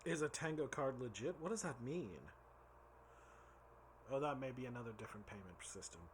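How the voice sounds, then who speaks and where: A man's voice: mid-range voice, animated, brisk, slight background noise. A tipsy man rambling and giggling as he reviews drinks in a casual vlog, stumbling over his words.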